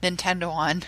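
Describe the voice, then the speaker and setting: A woman co-hosting a podcast, amused and chiming in with quick remarks during casual banter. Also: on the low side, noisy background. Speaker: podcast co-host.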